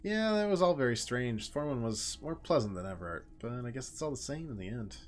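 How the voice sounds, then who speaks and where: Man voicing a detached male pawnshop keeper, dry and wry, pitch rising and falling a lot, middle-pitched. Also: lively intonation, fast talker, close to an everyday voice.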